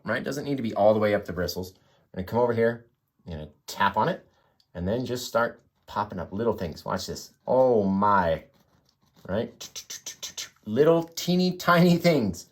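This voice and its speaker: A man hosting a live painting tutorial, chatting and encouraging viewers as he works. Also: medium pitch. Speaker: painting instructor.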